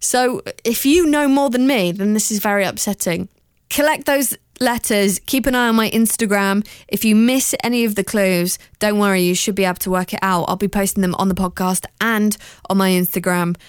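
A woman's voice: mid-range voice, moderate pace, smooth, no room sound, studio quality. Candid southern English woman podcaster. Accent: southern English, slightly posh. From southern England. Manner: chatty, candid, swears freely, jumps into mock voices. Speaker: podcast host. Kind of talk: casual solo podcast chat.

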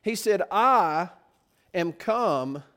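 A man's voice: sits high, expressive, drawn-out words, fairly bright tone. A man preaching a sermon, often putting rhetorical questions to his listeners.

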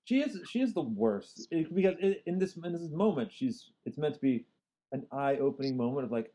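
A woman's voice: rumbling low, animated, moderate pace, mellow. A woman co-hosting a casual movie review chat, repeating words as she builds her points. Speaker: podcast co-host.

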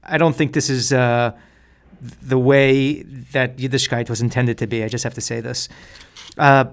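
A man talks straight into his podcast, spinning wry everyday gripes into jokes. His delivery is deadpan, with a middle-pitched voice and a casual, rambling monologue rhythm. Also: a little slow. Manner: deadpan joking, wry asides. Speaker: podcast host.

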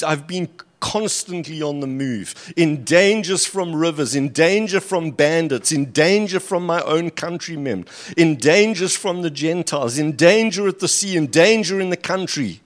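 A man's voice: fairly high pitch, measured pace, hardly any pauses. A man preaching a sermon, reading scripture aloud with rising emphasis and breaking off for dry, sarcastic asides. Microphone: handheld or stand mic at a lectern.

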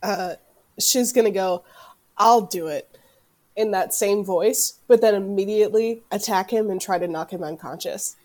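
Casting note: female player, mellow, mid-pitched, casual and matter-of-fact. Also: normal speed. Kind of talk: casual tabletop play.

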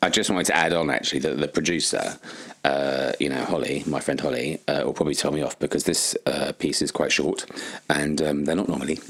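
A man's voice: extremely low pitch, steady tone, a little fast, fairly bright tone. A middle-aged man hosting his own show, rambling through a self-mocking comic monologue. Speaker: podcast host.

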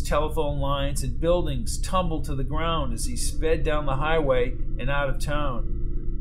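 A man reading a horror story aloud in a measured, dramatic narrating style. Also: on the high side, poor audio. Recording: voice over loud music.

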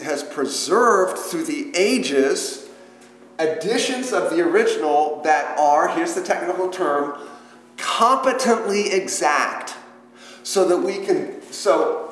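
A man's voice: a little high, a bit bright. A man leading an interactive Bible study lesson, talking conversationally, quizzing the class with questions and making playful joking asides. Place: church hall. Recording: echoey church hall with long reverb.

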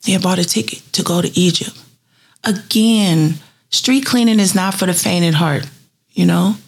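A woman's voice: lowish voice, moderate pace, vocal fry, breathy edge. A woman in her fifties, a street cleaning supervisor, telling earnest, heartfelt stories from her work in an interview. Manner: earnest and heartfelt, with lively retold dialogue. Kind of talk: storytelling in a personal profile interview.

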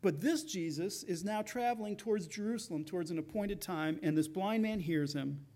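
A man's voice: high-pitched, normal speed, few pauses, darkish tone. A man preaching a sermon as pastor, in a conversational way, acting out the voices of the people in his story.

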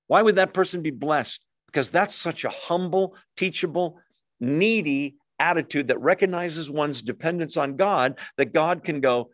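A man teaching a Bible study in a relaxed, conversational way, with pauses, fillers and quick asides to his group. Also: on the high side, no room sound, studio quality.

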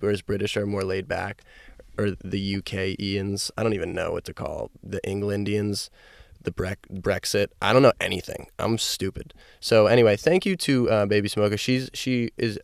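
A man's voice: lowish voice, gravelly, clear, resonant tone, no room sound, studio quality. A young man hosting a solo podcast from his parked car, talking loosely into a microphone and swearing freely. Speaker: podcast host. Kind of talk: casual solo podcast rambling.

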